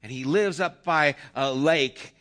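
A man voicing a hesitant villager passing on a rumor, animated and a bit loud. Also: a little high, slow, pitched above the performer's own voice.

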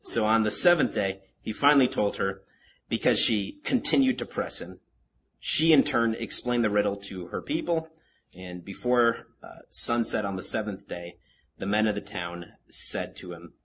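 A man preaching a Bible-study sermon in an animated, joking way, with asides to the congregation. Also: lowish voice, normal speed, a little hiss or hum. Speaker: pastor teaching a Bible study.

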